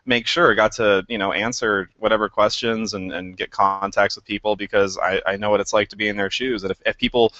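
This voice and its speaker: A man's voice: lowish voice, fairly even intonation, brisk, few pauses, pushed and bright, no room sound. A man, a game director guest, chatting casually in an interview, rambling and laughing at himself. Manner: rambling, chuckling, self-deprecating. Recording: dry, slightly dull podcast audio.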